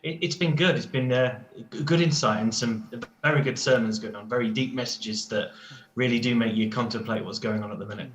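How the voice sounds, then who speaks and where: A man speaking as an earnest, measured guest. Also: mid-range voice, fairly bright tone, echoey room, low-quality recording. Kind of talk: casual chat.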